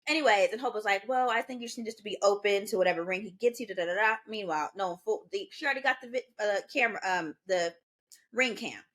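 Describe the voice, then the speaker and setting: This is a young woman in her twenties co-hosting a podcast, relating a story in easygoing chat at a quick pace. Her voice is mid-range, and she animatedly plays out the voices of the people involved.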